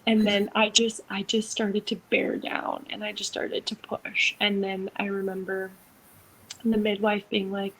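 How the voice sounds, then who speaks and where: Gravelly-voiced woman telling a story. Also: medium pitch, measured pace, a little hiss or hum, rough recording. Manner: animated, acts out quotes, many "like" fillers. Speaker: podcast co-host, doula. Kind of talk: casual storytelling chat.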